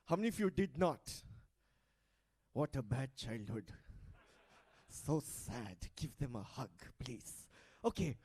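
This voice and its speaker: A man's voice: medium pitch, big pitch swings, slow pace, a little mellow, husky. A man hosting a live event on stage, playfully teasing and coaxing the audience into group activities over a handheld mic. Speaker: event host.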